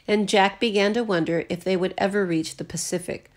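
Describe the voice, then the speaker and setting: Woman, teacher, storybook read-aloud, expressive, recorded at home. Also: mid-range voice, brisk, few pauses. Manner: expressive, lightly voices the characters. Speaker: teacher reading aloud to students.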